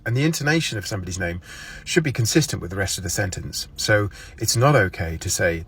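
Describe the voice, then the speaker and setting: A man giving a deadpan, mock-serious lesson and acting out his example phrases with odd intonation. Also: medium pitch, quick pace, gravelly, breathy edge. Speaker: comedic explainer. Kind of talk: deadpan mock-instructional monologue.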